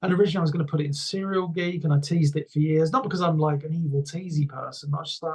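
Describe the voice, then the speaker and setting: Husky, rambling enthusiastic man. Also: fairly high pitch, racing, hardly any pauses, darkish tone. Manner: rambling, enthusiastic storytelling with many restarts. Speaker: interview guest. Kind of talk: casual conversation.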